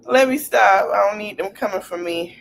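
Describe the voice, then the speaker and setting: A woman hosting a casual podcast stream, talking in an animated, slangy way and repeating her phrases. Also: medium pitch, moderate pace, gravelly. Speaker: podcast host.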